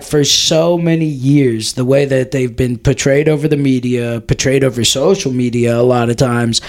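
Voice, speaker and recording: A man's voice: a little high, darkish tone. A man co-hosting a podcast in casual chat, rambling and profane, full of "like" and "dude". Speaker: podcast co-host.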